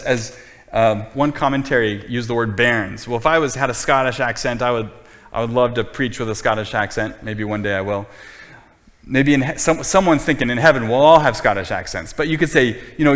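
A man's voice: mid-range voice, brisk, fairly bright tone. Emphatic preacher man in a reverberant hall. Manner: earnest, emphatic preaching with frequent repetition. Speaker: pastor. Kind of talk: sermon.

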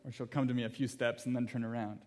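A pastor preaches a sermon with earnest emphasis, returning again and again to key phrases. He slides easily into personal anecdotes with gentle humor, his pitch sitting in the middle range. His delivery is flat, and he talks fast.

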